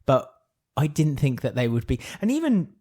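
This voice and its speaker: A man's voice: mid-range voice, huge pitch swings, moderate pace, mellow. A man co-hosting a podcast, chatting animatedly, laughing often and acting out quotes. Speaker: podcast co-host. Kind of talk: casual chat.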